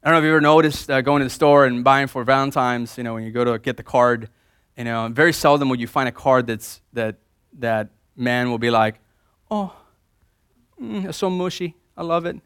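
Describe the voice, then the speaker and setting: A male pastor preaching a sermon, swinging between loud emphasis and quiet repetition and leading the congregation in call-and-response. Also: medium pitch, steady tone, fairly quick, clean tone, no room sound, clean studio sound.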